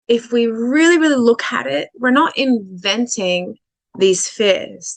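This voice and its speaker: A woman's voice: mid-range voice, fairly bright tone, no echo. A woman relationship coach explaining dating behaviour in a casual, conversational way, with fillers and restarts, stretching out her key points.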